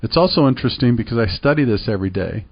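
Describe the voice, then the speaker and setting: Middle-aged man, emphatic radio host, rhetorical questions, medium pitch, slightly dull radio audio. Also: animated, rapid-fire, slightly rough. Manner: emphatic and persuasive, repeats points, asks rhetorical questions. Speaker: radio show host and real estate professional. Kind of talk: call-to-action radio talk.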